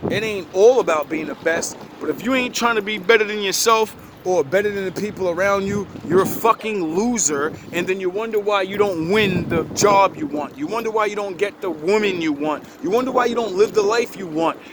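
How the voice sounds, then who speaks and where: A man's voice: high-pitched, brisk, few pauses. A young man, delivering a blunt, profane, preachy motivational rant outdoors by a street. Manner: blunt, heavy cursing, preachy. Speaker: video creator. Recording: noisy outdoor street recording.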